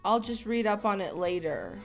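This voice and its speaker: Woman reading a tired withdrawn roommate girl, flat and dodgy, story game. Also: mid-range voice, normal speed, gravelly, soft background music. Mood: evasive.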